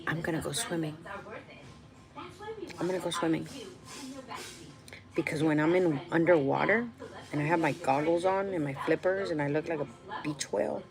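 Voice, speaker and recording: Candid, rambling woman, lowish voice. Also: normal speed, gravelly, rough recording. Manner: candid, emotional, rambling with restarts. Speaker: host answering viewer questions. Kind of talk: casual heartfelt talk to viewers.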